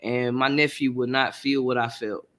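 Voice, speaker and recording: A man's voice: medium pitch, little pitch movement, moderate pace, a bit bright. Earnest man hosting a podcast. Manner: earnest, heartfelt, repetitive phrasing. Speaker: podcast host. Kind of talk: casual chat.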